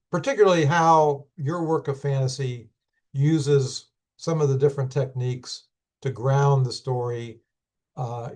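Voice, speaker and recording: A hoarse man teaching a class, unhurried and thinking aloud with many fillers and restarts. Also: medium pitch, a little mellow. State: hoarse, losing his voice. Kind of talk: recorded class lecture.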